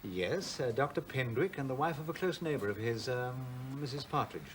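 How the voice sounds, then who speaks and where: A coolly ironic university official, played by a man, who probes with measured, dry insinuation. His pitch moves in lively swings. A faint hiss runs underneath. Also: close to an everyday voice. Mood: probing. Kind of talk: 1980s television drama.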